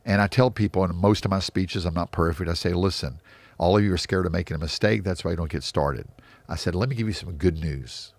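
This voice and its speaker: A low-pitched man with a gravelly, fry-laden voice gives motivational business advice. He is emphatic and keeps repeating his key phrases. The sound is dry and close. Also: a little fast, no room sound. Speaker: real estate investor and mentor. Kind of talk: interview answers.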